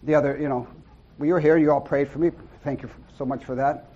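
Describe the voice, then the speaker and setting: Earnest, fairly high-voiced man preaching. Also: steady tone, brisk, muffled recording. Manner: earnest and folksy, breaking into loud whoops and amens. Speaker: lay preacher. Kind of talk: informal sermon to a small group. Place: small church gathering.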